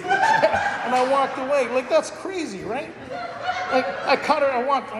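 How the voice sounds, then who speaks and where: A man's voice: very high voice, huge pitch swings, moderate pace, very noisy. A man telling personal stories to an audience at a recovery gathering, candid and jokey, often laughing as he talks. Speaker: speaker at a recovery roundup. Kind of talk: personal storytelling talk to an audience. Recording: echoey hall with long reverb.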